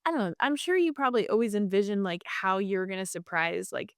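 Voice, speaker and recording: A woman guest telling a personal story in a casual interview, chatty and animated, with lots of fillers and restarts. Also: mid-range voice, brisk, smooth, dry recording, clean studio sound.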